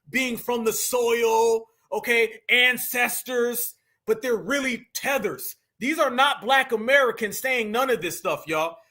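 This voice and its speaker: A man's voice: very high voice, sharp tone. A man hosting a live stream, talking emphatically and addressing his chat directly. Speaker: livestream host.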